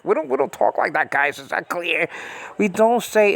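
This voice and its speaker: A man's voice: high voice, big pitch swings, normal speed, gravelly. Exasperated American man ranting. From United States. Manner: exasperated, repetitive, lots of fillers and restarts. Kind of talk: casual ranting monologue. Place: small room at home.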